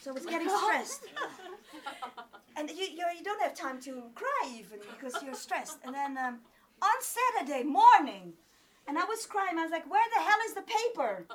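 A woman telling a personal story to an audience in an animated, laughing way, with many fillers and restarts. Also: high-pitched, normal speed. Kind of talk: live comic storytelling.

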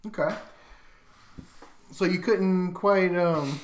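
A man's voice: high voice, slow pace. A man playing a tabletop game, speaking casually and hesitantly. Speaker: player. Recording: echoey room with faint hiss.

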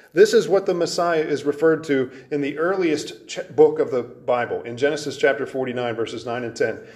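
A man preaching with steady conviction at a medium pitch. He hammers his points through repetition and often slows and sinks lower on key words. It sounds like an expository sermon. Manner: emphatic, repeats phrases, drops low and slows for weight.

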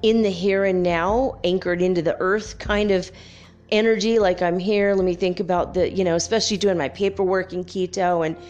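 A woman's voice: lowish voice, steady tone, moderate pace, a little mellow, muffled recording. Chatty woman with faint music behind. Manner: chatty, rambling, many fillers and laughs. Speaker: podcast host. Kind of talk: casual spiritual podcast monologue.

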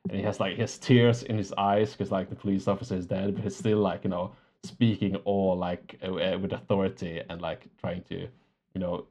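Lowish voiced guy on a movie podcast, excited, laughs a lot, halting fillers. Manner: enthusiastic, laughs often, hesitant fillers. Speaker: podcast co-host. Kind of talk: casual film discussion.

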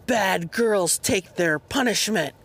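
A woman's voice: medium pitch, expressive, takes it slowly, fairly bright tone, breathy edge, exaggerated voice. A woman doing a stern, judgmental man.

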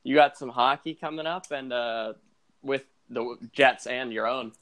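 A man's voice: medium pitch, a little slow, fairly bright tone. A young man hosting a casual hockey podcast, rambling and chatty, with lots of fillers and restarts. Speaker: podcast host.

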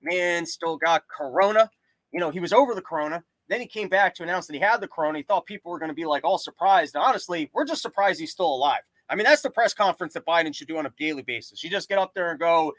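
A man's voice: on the high side, quick pace, a bit bright, dry recording, poor audio. A young man hosting a podcast, doing a rambling, sarcastic comedic monologue full of tangents. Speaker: podcast host.

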